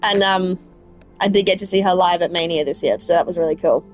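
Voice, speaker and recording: A woman's voice: on the low side, steady tone, fairly quick, soft background music. Chatty South Australian woman gaming. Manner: chatty, rambling, answers live chat. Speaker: let's play streamer. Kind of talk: casual gaming chat with viewers.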